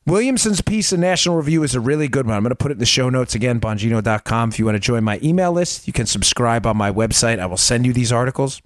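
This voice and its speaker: A man's voice: mid-range voice, lively intonation, quick pace, few pauses, no room sound, clean studio sound. A man hosting a political commentary podcast, a former federal agent, talking in an emphatic, punchy way with rhetorical questions.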